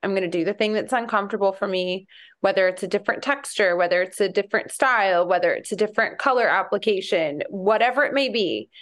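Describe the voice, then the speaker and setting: A woman's voice: medium pitch, fast, fairly bright tone. A woman hosting a podcast, talking in an encouraging, emphatic way. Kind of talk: casual chat.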